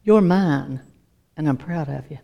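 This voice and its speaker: Heavenly fatherly voice, low and hushed, tender, as a female preacher puts it on. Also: unhurried, gravelly, muffled recording, exaggerated voice.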